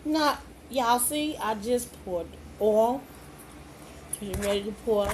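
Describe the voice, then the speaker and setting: A woman with a high voice talks her viewers through a recipe at an unhurried pace. She is playful and folksy, addressing the audience directly. Steady kitchen noise runs under her voice. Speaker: home cook. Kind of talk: cooking demonstration. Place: home kitchen.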